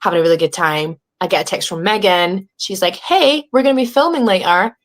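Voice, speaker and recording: A young woman with an English accent talks through her story from home in a casual interview. She is animated and swears freely. She voices other people's lines as she retells what happened. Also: fairly low pitch, a little fast. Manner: animated, swearing, acting out quoted dialogue. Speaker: reality show contestant, guest.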